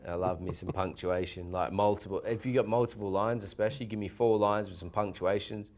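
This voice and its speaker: A man's voice: on the low side, steady tone, brisk. A young Australian man in casual after-show chat, laid-back, laughing often and swearing freely. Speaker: yacht crew member on a reality-show after show.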